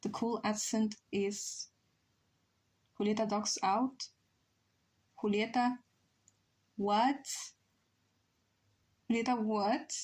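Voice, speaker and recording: A woman with a Spanish accent chats casually with her stream while she draws. She rambles and thinks aloud at an unhurried, slow pace, with her voice in a middle pitch. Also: little pitch movement, a little mellow. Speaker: live streamer.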